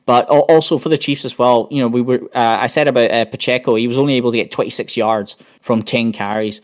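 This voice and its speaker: A man's voice: mid-range voice, fairly even intonation, fast. Man rambling through football stats. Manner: rambling, full of restarts and stats. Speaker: podcast panelist. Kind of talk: casual sports chat.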